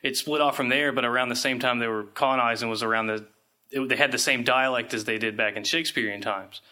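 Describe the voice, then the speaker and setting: A man co-hosting a casual podcast, explaining things haltingly with lots of fillers. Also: medium pitch, fairly even intonation, bright, forceful tone. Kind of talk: casual chat.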